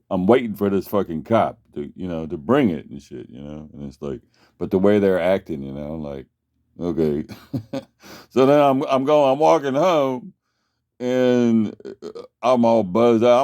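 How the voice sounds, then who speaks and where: Gravelly, rambling man telling a story. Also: deep voice, darkish tone. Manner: rambling, profane, many restarts. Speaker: vlogger. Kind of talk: casual storytelling.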